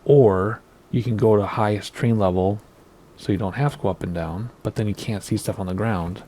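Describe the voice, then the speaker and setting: Thirties man, gravelly, low and mellow; chatty, rambling gameplay host. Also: normal speed, a little hiss or hum. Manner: chatty, rambling, wavers over pronunciations. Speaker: flight sim video host. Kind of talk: casual gameplay commentary.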